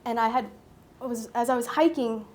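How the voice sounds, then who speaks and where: A woman speaking at a public talk, telling a personal story in an animated way, acting out her own thoughts and laughing often. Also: fairly high pitch, a little fast.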